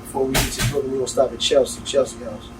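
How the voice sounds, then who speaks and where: A man's voice: mid-range voice, level tone, racing, over music. A man hosting a podcast, answering in short, laid-back replies during casual conversation. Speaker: podcast host. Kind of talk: casual interview chat. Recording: distant mic with room noise.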